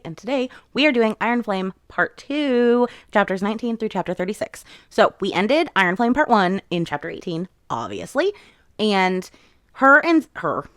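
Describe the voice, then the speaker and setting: A woman's voice: mid-range voice, dry recording, studio quality. A woman hosting a book channel, casually recapping chapters and retelling scenes in quoted voices.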